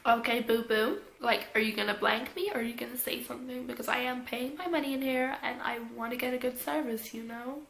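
Give me a woman doing a sassy, hushed customer voice, a little high. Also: steady tone, fairly quick, gravelly, few pauses, roomy sound, a little hiss or hum, rough recording.

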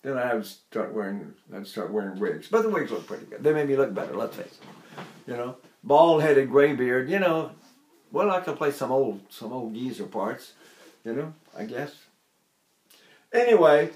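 An older man from Texas, a voice teacher giving a chatty vocal technique lesson with quick asides and small chuckles. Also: mid-range voice, expressive, a little hiss or hum. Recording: roomy echo.

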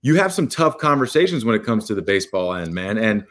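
A man's voice: lowish voice, big pitch swings, quick pace, a bit bright. A man in his thirties, a former baseball player, talking earnestly and reflectively as a podcast guest. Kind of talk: casual chat.

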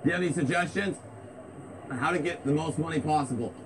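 A breathless, hyped man vlogs on a busy street and keeps repeating himself. His voice sits a little high for a man. Loud street noise surrounds him. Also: quick pace. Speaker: parody vlogger host. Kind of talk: comedic vlog chatter.

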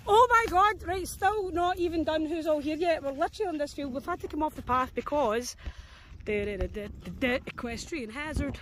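A woman's voice: sits high, a little fast, a bit bright, a little hiss or hum. A young Scottish woman chatting casually on a dog walk outdoors, scattered and self-mocking, with the odd swear. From Scotland. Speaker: dog walker vlogger. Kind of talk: casual chat.

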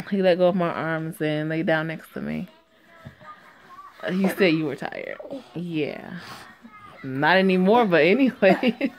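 A woman reading a story game aloud and reacting to it in a sassy, profane way that is quick to laugh. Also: fairly low pitch, faint music behind.

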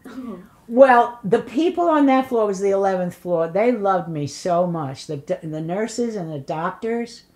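A woman's voice: on the high side, darkish tone. An older woman in an oral history interview, telling blunt, funny stories and acting out what people said. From Polish immigrant family. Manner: blunt storyteller, acts out voices and curses.

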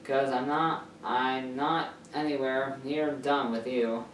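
A man's voice: mid-range voice, steady tone, slow pace, a bit bright, slight background noise. A man reading a story aloud and speaking the lines of a playful, affectionate young man. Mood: teasing. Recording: echoey room, far from mic.

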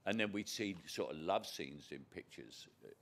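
A man's voice: sits low, lively intonation, normal speed, gravelly, a bit bright. An older man from Britain, a guest actor in an on-stage conversation before an audience, telling rambling anecdotes with chuckles and frequent restarts.

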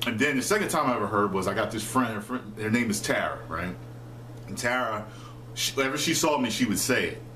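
Low-voiced man telling stories, echoey room. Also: fairly quick, a little hiss or hum. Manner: swearing, animated retelling with quoted voices. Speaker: vlogger. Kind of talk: casual storytelling monologue.

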